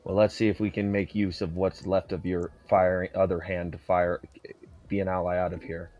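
A man role-playing in a tabletop game delivers stern threats in a very low, flat voice. He stumbles and restarts now and then. The recording sounds a little dull. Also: normal speed. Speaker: player. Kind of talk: in-character tabletop role-play.

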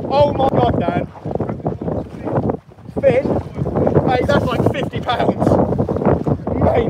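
A young man fishing from a boat, talking his viewers through the catch and breaking into excited shouts. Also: very high-pitched. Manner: talks to viewers while fighting a fish, bursts into excited shouts. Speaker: angler vlogger. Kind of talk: live fishing commentary to camera. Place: outdoors on a small boat at sea. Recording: loud wind and boat noise.

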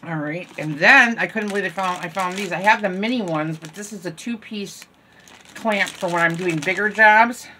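A woman's voice: on the low side, sharp tone, slight background noise. An older woman in casual, rambling chat, showing items from a store haul at home and joking at her own expense. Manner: chatty, rambling, self-deprecating. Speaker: haul vlogger. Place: home room.

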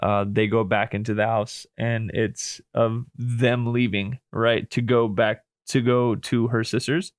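A man's voice: mid-range voice, flat delivery, measured pace, few pauses, no echo, studio quality. A man co-hosting a casual horror film review podcast, laid-back and rambling. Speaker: podcast co-host.

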